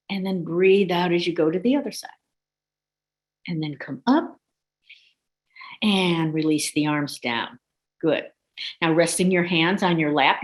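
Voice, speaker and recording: A woman teaching a yoga class, guiding breathing, stretches and a visualization with calm, slow cues. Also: lowish voice. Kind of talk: guided yoga and meditation instruction.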